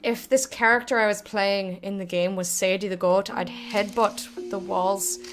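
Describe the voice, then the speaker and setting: While playing a game on stream, a young woman keeps up casual commentary, bantering with her chat and cursing often. She speaks a little slowly in a steady, mid-range voice. Music plays behind her, and she's on a desk mic with headphones.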